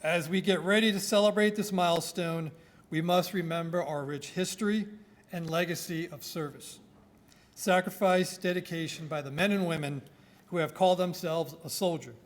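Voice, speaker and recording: A man with a New York accent speaks as an army officer at a ceremony. His voice sits high and he projects in measured, listed phrases. He speaks into a microphone in an indoor hall. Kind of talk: formal ceremonial address. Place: indoor government building hall.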